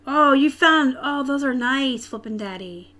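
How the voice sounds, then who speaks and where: Her voice sits high, sounding expressive and unhurried with a pushed, bright quality. This Tucson, Arizona native with a slight Southern US accent hosts a relaxed live stream, responding straight to comments in the chat.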